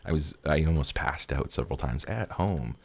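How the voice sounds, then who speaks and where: A young man with an extremely low, gravelly voice tells a personal story in a loose, rambling way. He talks candidly as a tarot reader, laughs often and swears freely. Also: expressive, normal speed.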